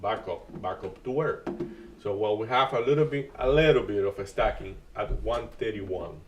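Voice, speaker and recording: A man hosting a live day-trading stream, talking through market moves in a halting way with many restarts and uneven grammar. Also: lowish voice, recorded from a distance, highs cut off, noisy background. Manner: halting, restarts often, non-native grammar.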